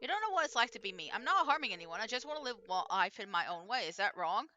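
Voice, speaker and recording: A woman voicing a shy, defensive hermit man in a low, quiet tone, reading game dialogue aloud. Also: very animated, fast, dull audio.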